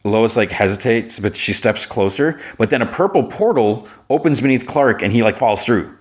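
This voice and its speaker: A podcast host with a medium-pitched, expressive voice talks at a normal pace. He casually retells an episode in a rambling way, packing in plenty of filler words.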